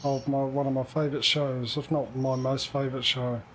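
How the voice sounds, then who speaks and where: A mid-pitched man chats casually on a gaming livestream, talking to himself and teasing himself as he plays. Faint noise hums behind his voice. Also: little pitch movement, normal speed, fairly bright tone. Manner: chatty, self-mocking, talks to himself while playing. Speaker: streamer.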